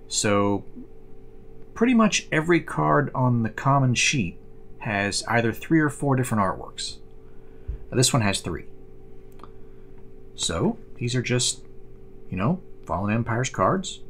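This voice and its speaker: A man talks through his collectible cards in a relaxed explainer video. He rambles a bit, with fillers and restarts. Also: medium pitch, creaky, slight background noise. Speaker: card collector host.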